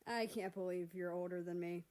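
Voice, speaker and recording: A woman's voice: lowish voice, steady tone, normal speed, a little mellow, close to an everyday voice. Weary exasperated brother, read by a woman, storybook reading.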